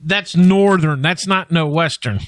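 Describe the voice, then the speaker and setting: A man's voice: fairly high pitch, measured pace, no echo. A man co-hosting a podcast in casual chat, teasing his partner and laughing often. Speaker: podcast co-host.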